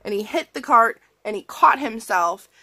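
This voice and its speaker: A woman vlogging from bed while sick with strep throat, telling an animated story full of "like" fillers and acted-out quotes. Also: fairly high pitch, moderate pace. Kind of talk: casual storytime rant. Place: in bed at home.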